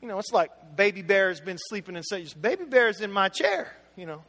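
Talking straight to his congregation, a middle-aged pastor gives a conversational sermon full of anecdotes. His high-pitched voice sounds animated, brisk and a bit bright against the reverb of a hall.

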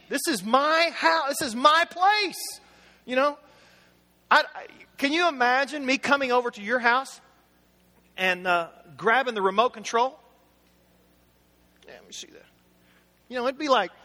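A man's voice: extremely high pitch, bright, forceful tone. A middle-aged man preaching a conversational sermon, chatty and anecdotal, talking straight to his congregation. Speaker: pastor. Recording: hall reverb.

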